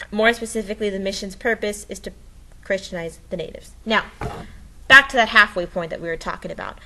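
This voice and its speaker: A woman's voice: mid-range voice, bright, forceful tone, poor audio. A woman presenting a recorded history lesson, explaining step by step in a playful, enthusiastic way with dramatic sound effects and frequent checks like "okay?".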